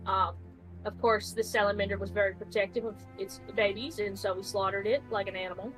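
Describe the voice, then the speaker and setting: A woman's voice: medium pitch, steady tone, brisk, fairly bright tone, soft background music, low-quality recording. Rambling woman recapping a game session. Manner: rambling, full of restarts. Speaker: tabletop game player.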